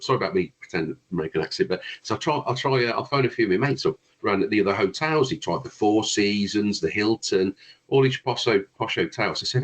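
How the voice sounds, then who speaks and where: A man's voice: lowish voice, expressive, fast talker, breathy edge, low-quality recording. A man, a guest brass player, telling long rambling anecdotes in a casual chat, with frequent restarts.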